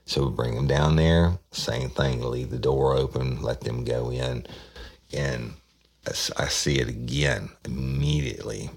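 Gravelly deep-voiced man telling a story. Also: fairly even intonation, unhurried. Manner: retells dialogue, acting out quoted voices. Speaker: detective recounting a case. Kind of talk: casual storytelling.

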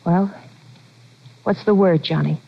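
A woman's voice: on the low side, slow pace, vocal fry, full character voice. A woman playing an anxious, devoted boxer's wife in 1940s radio acting, earnest and pleading. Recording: dull lo-fi old radio recording.

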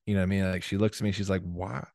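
A man's voice: deep voice, monotone, rapid-fire, a little mellow, no room sound, clean studio sound. A man, co-hosting a casual sports podcast, laid-back, laughing often and trailing off. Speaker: podcast co-host, former football player.

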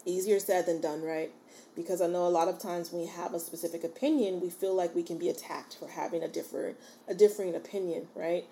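Warm-voiced woman hosting a casual podcast. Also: fairly low pitch, steady tone, quick pace, slight background noise. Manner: encouraging, checks in with listeners often; chatty and informal. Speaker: podcast host. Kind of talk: casual solo podcast talk.

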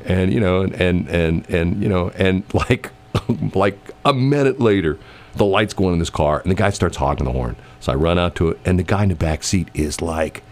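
A man telling a story in casual chat, acting out the people in it and laughing often. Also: sits low. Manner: animated, acts out quoted voices, laughs often.

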